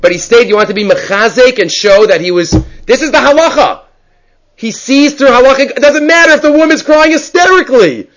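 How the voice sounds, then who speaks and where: A man teaching a Talmud class, reading Hebrew and Aramaic passages aloud and explaining them in English with animated storytelling. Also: very high-pitched, a little fast, slight background noise, rough recording. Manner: animated storyteller, many restarts.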